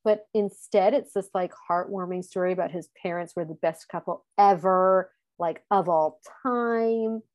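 A woman's voice: lowish voice, a little slow, few pauses, a little mellow, dry recording. Woman podcast co-host, casual and chatty, laughs easily, dry close mic. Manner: chatty, laughs often, acts out quotes. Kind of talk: casual chat recapping a TV show.

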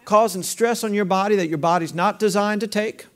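High-voiced male preacher. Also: brisk. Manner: conversational preaching with rhetorical questions and call-and-response. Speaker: pastor. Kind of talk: sermon.

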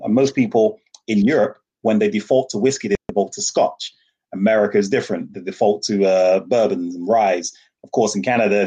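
A man's voice: on the low side, a little mellow, breathy edge. A man, a festival founder, talking animatedly in an interview, laughing often and acting out voices in his stories. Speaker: rum festival founder, guest. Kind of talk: casual interview talk.

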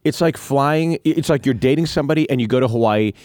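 A man co-hosting a podcast, cracking quick profane jokes in casual banter. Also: medium pitch, a little mellow, no room sound, studio quality. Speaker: podcast co-host.

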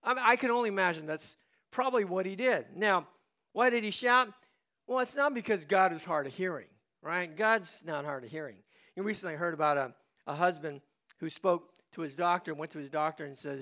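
Older man, pastor, sermon, dramatic, high, bright tone. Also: a little fast. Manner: dramatic, swings from hushed confession to loud shouting. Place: church.

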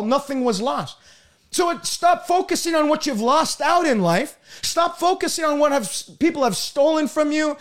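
Man, very high voice, fervent preacher, broadcast sermon, repeats words, bursts of shouting.

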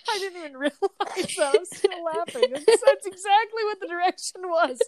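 A woman co-hosting a casual chat, animated and profane, laughing often as she talks. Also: extremely high pitch, normal speed, no echo. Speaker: podcast co-host.

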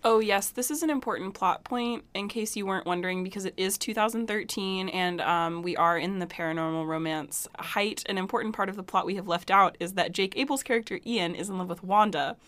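A woman's voice: mid-range voice, fairly quick, few pauses, fairly bright tone. A young woman co-hosting a podcast, chatting casually about a film in a giggly, rambling way with many restarts. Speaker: podcast co-host. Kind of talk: casual film-review chat.

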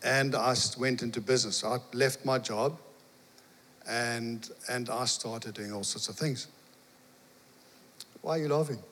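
A man preaching, telling a lively personal story and acting out the dialogue. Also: mid-range voice, a little slow. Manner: animated storyteller, acts out dialogue, laughs. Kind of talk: storytelling sermon. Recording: long hall reverb.

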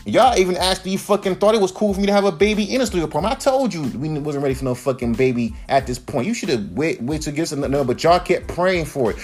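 A man's voice: a little high, fast, hardly any pauses. Man in his 30s, podcast host, profane heated rant, casual monologue, faint music behind. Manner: profane, heated, animated storytelling.

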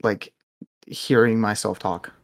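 A man's voice: fairly low pitch, fairly even intonation, takes it slowly, dry recording, studio quality. A young man co-hosting a podcast, chatting casually and dropping wry jokes. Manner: joking, wry interjections. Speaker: podcast co-host. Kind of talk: casual chat.

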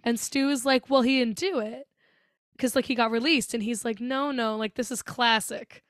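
A young woman co-hosting a podcast, chatting casually and acting out film dialogue with quick quoted voices and laughs. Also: a little high, no room sound, clean studio sound. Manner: animated retelling with many quoted voices and laughs. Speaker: podcast co-host. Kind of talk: casual chat recapping a film.

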